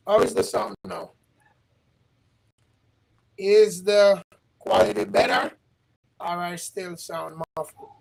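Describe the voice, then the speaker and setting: A man hosting a livestream who talks in a halting, repetitive way and keeps asking his audience questions. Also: sits high, big pitch swings, creaky, a little mellow, low-quality recording. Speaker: livestream host. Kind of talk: casual livestream chat. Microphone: livestream setup.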